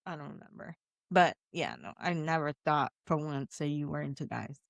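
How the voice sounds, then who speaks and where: Woman cohost on a podcast, really low voice, laid back with lots of fillers, dry studio sound. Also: expressive, normal speed, vocal fry, no echo. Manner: low-key, lots of "you know" and "um" fillers. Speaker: podcast co-host. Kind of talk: casual chat.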